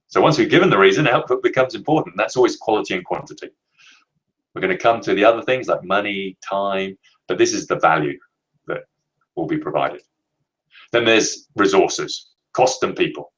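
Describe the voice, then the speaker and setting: Man, very low voice, webinar trainer, measured and emphatic. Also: a bit bright, rough recording. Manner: measured, emphatic explanations with slow stressed words. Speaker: leadership trainer. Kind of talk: webinar presentation.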